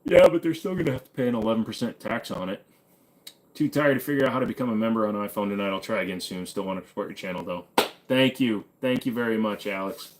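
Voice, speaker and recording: A young American man hosts a live stream with a fairly low voice. He reads viewer comments aloud and answers in a relaxed, joking drawl, often padding his replies with "uh." It sounds like loose, unscripted chat. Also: quick pace, slight background noise. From United States. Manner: laid-back, joking, drawling with frequent "uh" fillers. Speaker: host.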